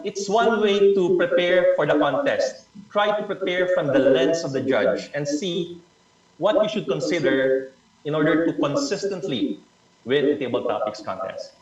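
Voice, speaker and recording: A man from the Philippines leading an online speaking workshop, encouraging and stressing key words as he repeats them. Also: fairly high pitch. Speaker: presenter leading a learning session. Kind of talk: online club workshop talk. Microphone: video call. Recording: echoey distant muffled video call audio.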